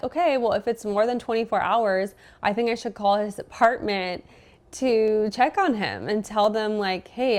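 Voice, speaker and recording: A woman's voice: medium pitch, a little mellow, smooth. A young adult woman, a podcast guest, telling a personal story in casual chat and acting out both sides of the conversation.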